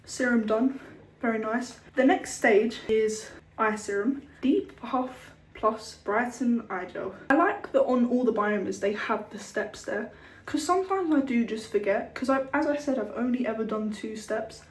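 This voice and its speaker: Young woman, fairly high voice, chatty and sweary, recorded a bit far off in an echoey room. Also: slight background noise. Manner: chatty, swears freely, acts out scenes. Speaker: skincare vlogger. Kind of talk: casual chat to camera. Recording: roomy echo, a bit far from the mic.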